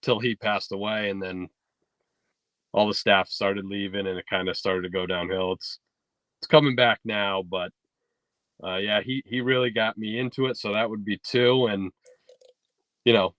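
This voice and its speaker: A laid-back New man, a golf instructor appearing as a podcast guest, tells golf stories in a casual interview chat. His voice is lowish and moderately paced, and he relaxes into storytelling full of fillers and restarts. It's a dry podcast-studio recording.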